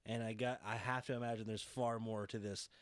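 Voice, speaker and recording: A man's voice: lowish voice, flat delivery, brisk, clear, resonant tone, no echo. A man co-hosting a casual wrestling podcast, talking animatedly and acting out wrestlers' lines. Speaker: podcast co-host.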